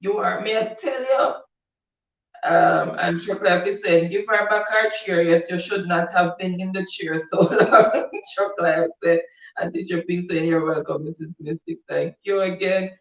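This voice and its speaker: A man's voice: high voice, a little slow, creaky. A man co-hosting a casual live show, reading viewer comments aloud and laughing often. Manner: laughing often, reads comments with a Caribbean lilt. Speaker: co-host reading live chat. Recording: echoey, distant, dull audio.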